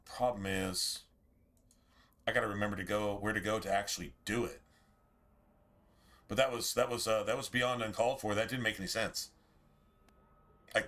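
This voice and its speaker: Here the streamer's voice sits fairly low but stays bright and forceful. He rambles through casual talk with his viewers as he plays, cursing freely and addressing chat directly.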